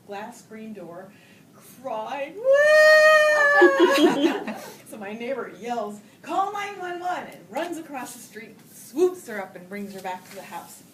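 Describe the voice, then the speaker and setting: A woman's voice: mid-range voice, recorded from a distance. A woman giving a storytelling speech at a Toastmasters meeting, acting out voices and laughing often. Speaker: Toastmasters speaker. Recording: roomy hall recorded from afar with noise.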